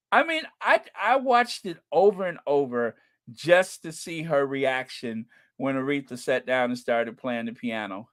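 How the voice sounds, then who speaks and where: A man hosting a casual live stream, gushing and excitable as he talks to viewers and reads their comments, with a runny nose and frequent throat-clearing. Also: medium pitch, a little slow. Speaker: channel host.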